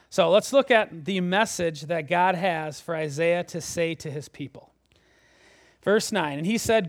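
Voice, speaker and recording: A man preaching a sermon, animated, moving between loud emphasis and hushed low lines. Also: no room sound. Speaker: pastor.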